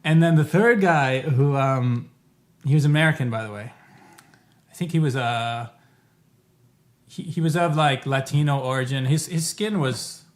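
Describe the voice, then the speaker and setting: In a medium-pitched voice, a vlogger casually recounts a trip to camera, chatty and meandering, catching and fixing himself mid-phrase. Quoting the people he met, he bursts into a higher, livelier tone.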